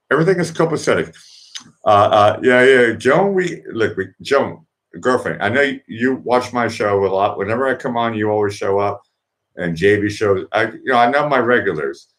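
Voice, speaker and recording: A man, hosting a late-night online music request show in a rambling, chatty way with many restarts and asides. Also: mid-range voice. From Boston, USA. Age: 50s. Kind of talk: casual late-night livestream chat.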